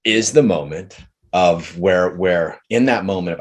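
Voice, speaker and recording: A man leading a group session on relationships, talking earnestly and slowly, often restarting his sentences. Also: sits low, animated, breathy edge. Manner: earnest, slow and searching, many restarts. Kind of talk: coaching talk with a participant.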